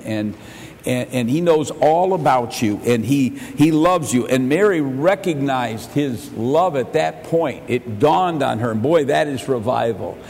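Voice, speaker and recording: A man preaching an earnest evening sermon, his voice rising into half-sung exhortation at the high points. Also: a little mellow. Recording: echoey hall with faint rumble.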